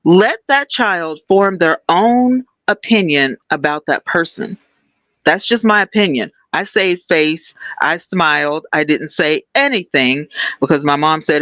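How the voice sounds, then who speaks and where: A woman's voice: low-pitched, measured pace, a bit bright, dry recording. Female co-host, candid and personal, dry slightly muffled recording. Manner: candid, personal, many fillers. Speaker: podcast co-host. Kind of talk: casual podcast talk.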